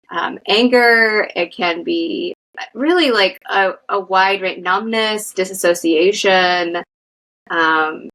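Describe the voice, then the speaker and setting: A woman therapist talking casually and thoughtfully about grief, with many fillers and pauses. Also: mid-range voice, pushed and bright, rough recording. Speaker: therapist guest. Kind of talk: casual conversation.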